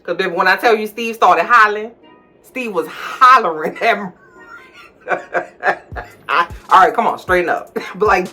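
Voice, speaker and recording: Bright, sassy woman recapping a show. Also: fairly low pitch. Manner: sassy, laughing, loud outbursts. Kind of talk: casual, animated TV recap.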